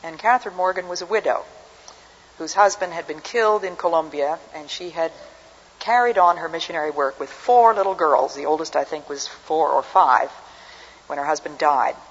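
A woman's voice: low voice, normal speed, slightly rough. An older woman giving an earnest, reflective personal testimony as a speaker. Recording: dull recording with long hall reverb.

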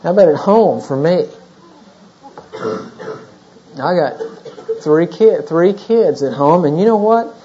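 A man in his thirties delivers a sermon with a mellow, warm voice and a chatty way of preaching, tossing in "you know?" again and again. The sound is muffled and lo-fi, like an older tape of a church service. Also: on the high side, lively intonation, takes it slowly, pauses often, slight background noise. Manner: conversational preaching with frequent "you know?" asides. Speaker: pastor.

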